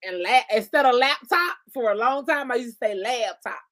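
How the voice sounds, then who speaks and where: A woman with a Southern US accent bantering loudly with friends, profane and laughing. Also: sits high, fairly quick, dry recording, clean studio sound. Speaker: friend in group chat. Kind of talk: loud casual banter.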